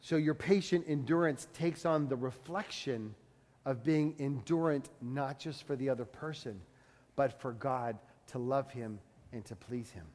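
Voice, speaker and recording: Man, sermon, conversational preaching, loud-to-hushed swings, long hall reverb. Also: medium pitch, a little slow. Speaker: pastor.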